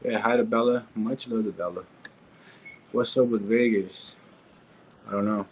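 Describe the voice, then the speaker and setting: A man's voice: fairly low pitch, steady tone, unhurried, darkish tone, slight background noise, low-quality recording. A man, talking in a casual live-stream rant, slangy and repetitive, peppering his talk with street asides and restarting his sentences. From California. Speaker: reaction streamer.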